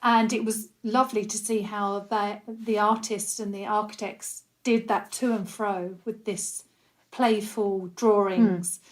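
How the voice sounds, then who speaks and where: A woman's voice: medium pitch, little pitch movement, measured pace, poor audio. A woman co-hosting a podcast, chatting in a friendly, casual way with a guest. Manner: friendly, chatty, wrapping up questions. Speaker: podcast co-host.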